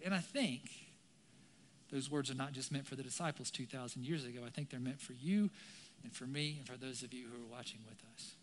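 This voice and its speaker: A man preaching a sermon to a congregation and online viewers, animated and conversational, often checking in with "right?". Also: medium pitch, a little fast. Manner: animated, keeps asking "right?". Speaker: pastor. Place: church, some viewers online.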